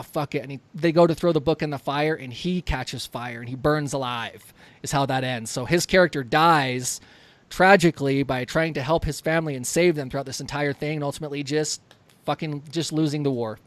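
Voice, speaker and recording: A man's voice: fairly high pitch, fairly quick, no room sound. A man co-hosting a podcast, chatting casually and profanely about horror films and acting out scenes in quotes. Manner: profane, excited, retells scenes in quoted voices. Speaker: podcast co-host. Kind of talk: casual film discussion.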